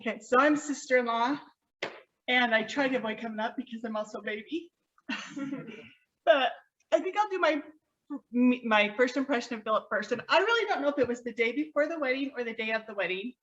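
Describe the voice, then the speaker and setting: A woman's voice: a little high, animated, a little fast, a bit bright. A middle-aged woman sharing tender, heartfelt memories of a family member at a gathering, recorded from a distance on a dull lo-fi mic. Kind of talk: personal memorial storytelling.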